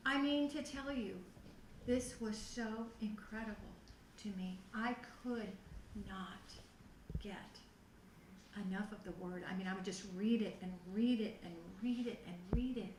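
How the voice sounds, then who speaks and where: A middle-aged woman telling her personal testimony to a youth group, animated and acting out her own past reactions. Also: medium pitch, unhurried. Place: church youth room. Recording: echoey room, voice from far off the mic, faint noise.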